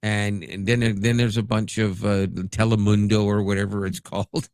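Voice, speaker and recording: A man hosting a tech podcast, with a very low voice and a gravelly fry. He talks in a casual, rambling way and drifts into side tangents. The recording is close and dry. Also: level tone, normal speed, darkish tone, no echo. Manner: rambling, digressive. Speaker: podcast host. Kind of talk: casual chat.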